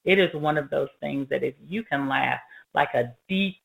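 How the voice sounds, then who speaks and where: A woman talking easily about raising her kids, with a gravelly edge to her voice. She is playful and jokes at her own expense. Her delivery is casual and conversational. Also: rumbling low, moderate pace, rough recording. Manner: joking, playful, self-mocking.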